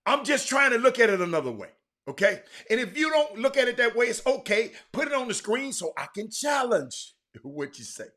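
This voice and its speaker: A man hosting a live sports talk show, chatting with viewers by name, animated and repeating words as he goes. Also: very high-pitched, fairly quick. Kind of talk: live-stream chat with viewers.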